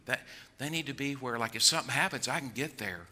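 An older man preaching a sermon, acting out worried voices, then dropping low to draw listeners in. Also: fast, bright, forceful tone. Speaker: pastor.

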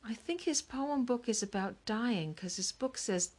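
A woman's voice: on the high side, lively intonation, a little slow, a little mellow, voice pushed up. A woman doing an eager little boy. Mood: insistent. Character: young boy, little brother, eager to be heard.

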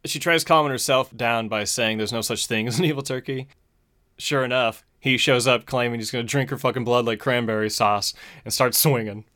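A man's voice: mid-range voice, fairly even intonation, a little fast, pushed and bright. Laid-back profane man recapping a movie. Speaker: podcast host.

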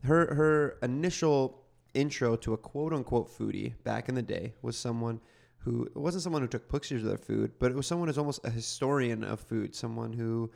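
A man hosting a casual food podcast, chatty and relaxed with casual slang. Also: mid-range voice, moderate pace, vocal fry. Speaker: podcast host.

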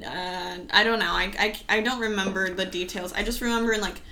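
A woman co-hosts a casual podcast at a middling pitch, trading jokes and quick reactions. A faint hum of room noise sits behind her. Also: fairly even intonation, pushed and bright. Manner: joking, quick reactions and backchannels. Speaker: podcast co-host. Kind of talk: casual chat.

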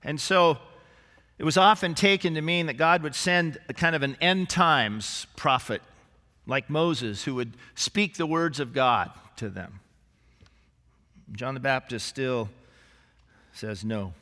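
A male senior pastor preaching a sermon in a church, animated and lively, with humorous asides and acted-out quotes. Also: fairly high pitch, a little slow, long pauses. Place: church sanctuary. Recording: live church recording with long hall reverb.

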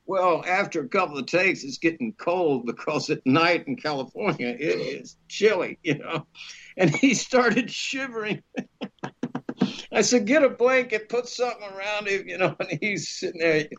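A middle-aged man, an actor guest, telling lively anecdotes in casual conversation, acting out the voices of the people he quotes and laughing often. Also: sits high, moderate pace. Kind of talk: casual storytelling interview. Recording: dull lo-fi podcast audio.

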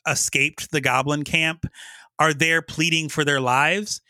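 Bright-voiced man telling a story excitedly. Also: on the high side, measured pace, dry recording. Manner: animated storytelling, many fillers. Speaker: podcast host. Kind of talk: casual chat.

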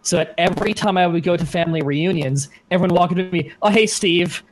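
A man's voice: high-pitched, fairly even intonation, fast, darkish tone, low-quality recording. A man guesting on a live gaming podcast, chatting casually, rambling and swearing with a self-deprecating streak. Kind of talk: casual chat. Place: home setup, reading live chat.

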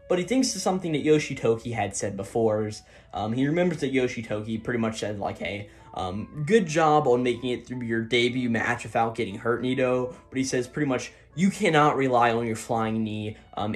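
A man at an ordinary pitch talks through manga chapters in a loose, rambling recap, full of "like" and "um". He slips into quick, lightly acted snippets of the characters' lines. Soft music plays faintly underneath. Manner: rambling, many fillers, paraphrases characters with light voices. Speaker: host.

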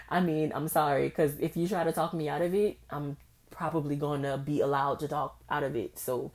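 A young woman hosts a solo podcast. She talks candidly and expressively. She acts out old conversations in a raised, animated voice. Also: deep voice, normal speed. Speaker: podcast host. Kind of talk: casual solo podcast monologue.

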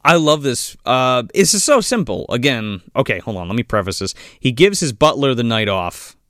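A man's voice: medium pitch, very animated, fairly bright tone, clear, resonant tone, no room sound, clean studio sound. A man co-hosting a casual podcast, swearing freely, laughing often and acting out characters as he recaps a film. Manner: profane, laughing, acts out characters in quick voices. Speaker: podcast co-host. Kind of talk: casual chat retelling a film.

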